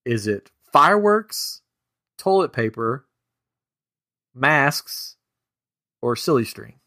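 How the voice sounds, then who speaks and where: A man's voice: medium pitch, very animated, slow pace, sharp tone. A man hosting a casual podcast, playfully reading out trivia questions to his co-hosts. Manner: playful, reads out quiz questions. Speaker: podcast host running a trivia game.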